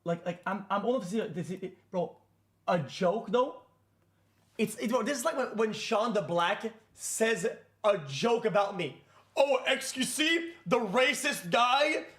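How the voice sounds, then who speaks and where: A man with a high voice rants in a streamed clip, brushing things off with clear irritation. He talks quickly and bluntly, in a loose, casual way. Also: lively intonation. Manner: irritated, dismissive.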